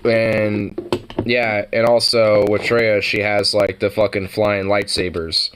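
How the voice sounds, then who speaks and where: Lowish-voiced young guy, rambling and sweary. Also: flat delivery, takes it slowly, background noise. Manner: loose, swears a lot, laughs between thoughts. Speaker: vlogger. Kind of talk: casual rambling chat.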